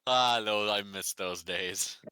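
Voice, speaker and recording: A man's voice: fairly low pitch, pushed and bright, smooth, no echo. A man playing at a tabletop game, joking and blurting out asides. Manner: jokey, quick to laugh, blurts out asides. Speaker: player. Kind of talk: casual chat at a tabletop game.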